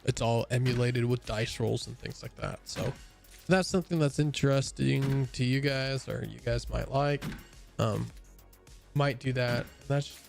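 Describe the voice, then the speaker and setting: Gravelly-voiced man rambling while gaming. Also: medium pitch, a little slow, faint music behind. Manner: rambling, many fillers and restarts; yawning, a bit tired. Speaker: gaming streamer. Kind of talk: casual chat while playing a game.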